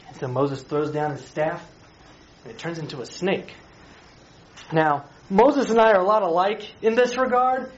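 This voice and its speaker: A man's voice: high voice, normal speed, darkish tone. Chatty, playful man preaching a sermon. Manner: chatty, playful, questions the group. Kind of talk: casual sermon retelling a Bible story. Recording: slightly dull recording with faint hiss.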